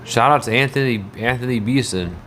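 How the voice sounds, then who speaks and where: A man's voice: medium pitch, fairly quick, a bit bright, slight background noise. A man livestreaming, chatting casually in a rambling way and answering his viewers' messages.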